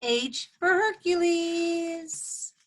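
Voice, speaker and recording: A woman reading a picture book aloud to children at story time, expressive and animated. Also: very high voice, very slow.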